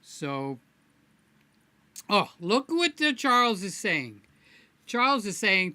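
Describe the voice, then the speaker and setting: A man's voice: high voice, very animated, slow pace, pauses often, pushed and bright, dry recording. A man hosting his own live stream, chatting casually and playfully with viewers by name in a rambling way. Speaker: livestream host.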